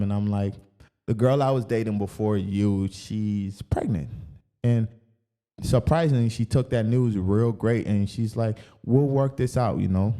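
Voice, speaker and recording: A man's voice: mid-range voice, mellow. Candid young man telling his story. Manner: candid, emotional retelling with many "you know" fillers. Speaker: podcast host. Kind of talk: personal storytelling.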